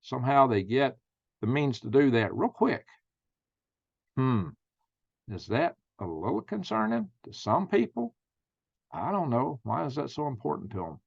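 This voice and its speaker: A man's voice: medium pitch, big pitch swings, measured pace, creaky, long pauses, breathy edge, no room sound, highs cut off. A man hosting his own channel, reading news items aloud and musing on them with folksy slang and rhetorical questions. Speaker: channel host.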